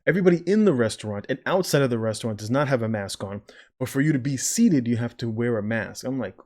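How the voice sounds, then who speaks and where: A man's voice: medium pitch, lively intonation, fast, a little mellow. A man who works as a nurse, talking through video commentary in a casual, sarcastic, rambling way and mimicking the people he disagrees with.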